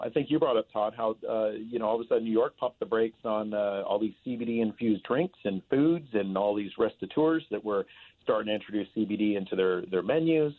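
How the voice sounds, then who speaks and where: Talkative man on a tinny phone line. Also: lowish voice. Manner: talkative, rambling with many fillers. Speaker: guest. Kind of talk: casual interview chat.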